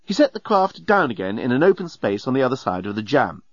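A man narrating an audiobook in a wry, lively storytelling manner. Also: mid-range voice, quick pace, dry recording, muffled recording.

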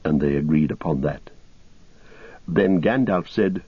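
A man reading an epic story aloud in a steady, measured voice. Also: very deep voice, breathy edge, dry recording. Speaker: audiobook narrator. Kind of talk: scripted narration. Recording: dull lo-fi recording.

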